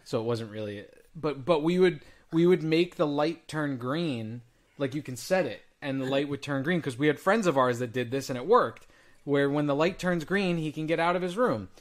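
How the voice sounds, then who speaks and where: A man with a slightly raised pitch, chatting casually on a podcast. He tells family stories with animated delivery and mimics his children's voices. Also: moderate pace. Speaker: podcast co-host. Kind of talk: casual chat.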